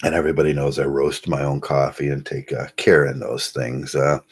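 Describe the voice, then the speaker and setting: A man hosting a casual live stream, talking in a rambling, halting way with many fillers and chuckles. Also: rumbling low, flat delivery, slightly rough. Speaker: host. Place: home.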